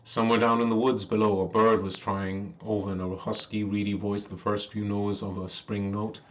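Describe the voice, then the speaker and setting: Man reading a story, slow and measured. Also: on the low side, level tone, fairly bright tone. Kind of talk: reading a classic story aloud. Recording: dull lo-fi recording.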